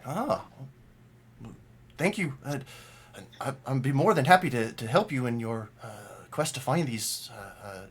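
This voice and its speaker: A man's voice: medium pitch, expressive, unhurried, breathy edge. A man voicing an old, polite male gnome prisoner who stammers and hesitates a lot. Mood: hesitant.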